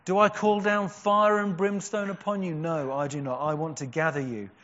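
A man preaching a sermon, earnest, with strong emphatic peaks and quiet, slow, drawn-out words. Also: fairly high pitch, flat delivery. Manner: earnest, rising to emphatic cries and dropping to hushed, slow stresses. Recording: dull sound with a long hall echo.

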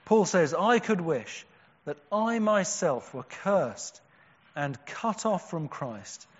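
A man preaching a sermon, earnest, with strong emphatic peaks and quiet, slow, drawn-out words. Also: sits high, sing-song, breathy edge. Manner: earnest, rising to emphatic cries and dropping to hushed, slow stresses. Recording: dull sound with a long hall echo.

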